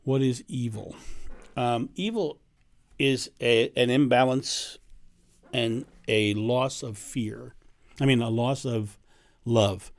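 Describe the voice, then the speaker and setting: A man's voice: mid-range voice, slow, pauses often, no room sound. A man, a spiritual teacher, talking casually and reflectively to camera, often restarting and repeating words. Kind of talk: casual spoken talk to camera.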